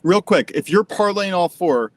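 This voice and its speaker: A man giving sports betting picks on a live show, quick and matter-of-fact. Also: high-pitched, lively intonation. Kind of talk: casual live-stream chat.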